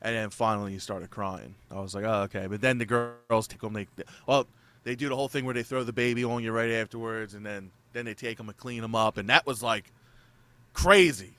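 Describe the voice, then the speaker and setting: A man's voice: lowish voice, fairly quick, pushed and bright. A young man in casual chat, telling a story in a rambling way, swearing freely and acting out his own reactions. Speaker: new father telling a birth story.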